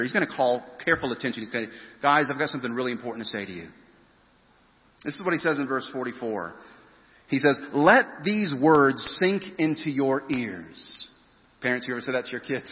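A male pastor preaching an earnest sermon, stressing key phrases and slowing down to drive points home. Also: mid-range voice. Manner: earnest, emphatic preaching with rising stresses and slow drawn-out phrases. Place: church sanctuary. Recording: dull sound with long hall reverb.

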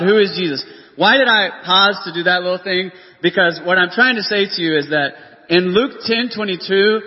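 A man preaching a sermon as pastor, earnest and full of rhetorical questions. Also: on the high side. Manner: earnest, rhetorical questions, reads scripture aloud. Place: church hall. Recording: dull lo-fi audio with long church reverb.

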